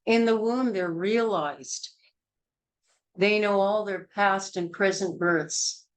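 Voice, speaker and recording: A woman's voice: mid-range voice, slow, slight background noise, low-quality recording. A woman teaching a childbirth class in a blunt, emphatic, hard-hitting way. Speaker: childbirth educator.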